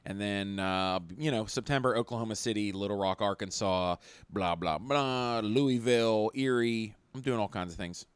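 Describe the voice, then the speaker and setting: A man's voice: on the low side, moderate pace, smooth, no room sound. A middle-aged man co-hosting a podcast, a stand-up comic chatting casually and joking around. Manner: animated, joking, puts on silly voices. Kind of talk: casual chat.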